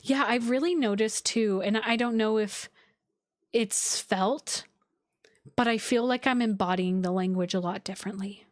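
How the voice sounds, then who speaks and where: A woman's voice: a little high, unhurried, dry recording, studio quality. A woman astrologer hosting a casual live stream, talking to her viewers in an effusive, heartfelt way, full of likes and restarts. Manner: talks with many likes and restarts.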